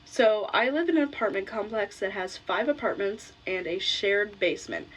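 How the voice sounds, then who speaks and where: A woman's voice: medium pitch, expressive, normal speed, hardly any pauses, a little hiss or hum, poor audio. A young adult woman vlogger telling a personal story in a casual, blunt way, swearing freely.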